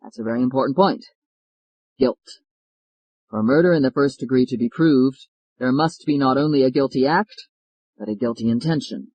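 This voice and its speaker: A man voicing a hoarse, feverish defense lawyer. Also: medium pitch, moderate pace, pauses often, a little mellow, no room sound, natural voice, low-quality recording. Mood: earnest.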